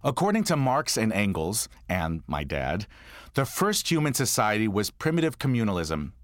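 A man with a low voice performs a comic one-man monologue, his pitch swinging widely as he tells his story. He drops in dry, deadpan asides along the way. The recording is close and dry, with no room echo. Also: moderate pace. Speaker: comedic monologuist.

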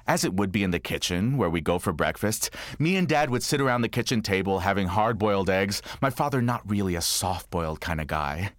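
A man performing a comic autobiographical monologue, telling stories with lively energy and deadpan asides. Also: low voice, normal speed, few pauses, no room sound, clean studio sound. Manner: animated storytelling with deadpan asides. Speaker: comedic monologuist.

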